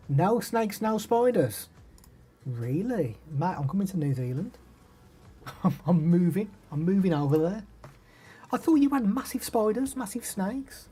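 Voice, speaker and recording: A live streamer demoing microphones, a young man with an English Midlands accent, chats casually, reading viewer names aloud and replying to them. He speaks in a high voice with a dark, slightly rough tone.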